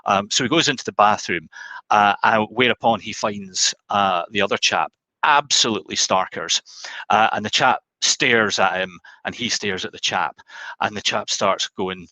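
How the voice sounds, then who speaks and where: A man's voice: on the low side, moderate pace, bright, forceful tone, dry recording, poor audio. A man hosting a webinar, chatty and self-deprecating, telling a joke with lots of ums. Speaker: webinar host. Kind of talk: casual joke-telling and sign-off.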